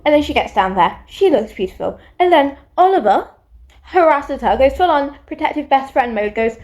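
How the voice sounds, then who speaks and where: British woman, high voice, casual book recap, animated chatty retelling with asides. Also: brisk. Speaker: book vlogger.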